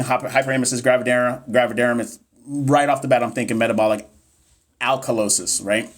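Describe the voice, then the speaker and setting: A man in his thirties tutoring nurses on a livestream, reading exam questions and joking with the chat. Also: mid-range voice. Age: 30s. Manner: chatty, joking, reads questions aloud to the chat. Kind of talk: casual livestream teaching.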